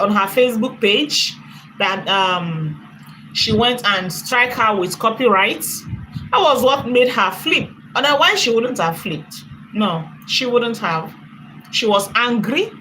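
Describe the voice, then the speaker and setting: A woman's voice: mid-range voice, pushed and bright, slight background noise, rough recording. A woman with a Nigerian accent, chatting and commenting on a live stream, laughing often and thanking viewers for donations at length.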